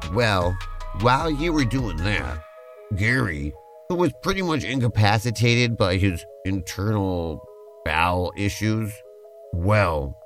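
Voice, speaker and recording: A man with a low voice narrates a role-play adventure as game master, easygoing and playful. His pitch swings widely as he spins the story. Faint music plays softly behind him. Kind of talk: narrating a tabletop-style role-play podcast.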